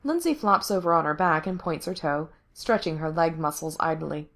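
A woman narrating a story aloud, reading in a steady, even way. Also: deep voice, moderate pace.

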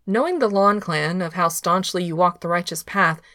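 A woman voicing a playful, quick-witted young male cultivator who talks with bright, incredulous energy. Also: lowish voice, no echo, studio quality. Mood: questioning.

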